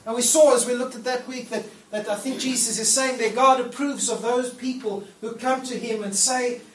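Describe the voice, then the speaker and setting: A man's voice: extremely high pitch, steady tone, normal speed, fairly bright tone. A man preaching a sermon in a church hall. He talks in a casual, playful way and acts out the prayers he quotes. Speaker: pastor. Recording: echoey room, mic at a distance, faint noise.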